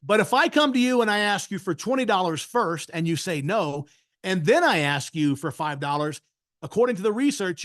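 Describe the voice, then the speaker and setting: A man's voice: a little high, a bit bright. A man giving a sales training webinar, talking emphatically and often checking in with "right?". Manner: emphatic, frequently tags points with "right?". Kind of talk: webinar masterclass talk.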